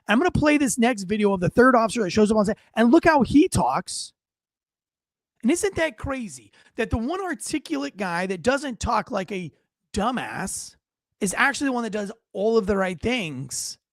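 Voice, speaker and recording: A man's voice: high voice, big pitch swings, moderate pace, no echo, studio quality. A middle-aged man, a former police officer, giving blunt, profane and indignant video commentary.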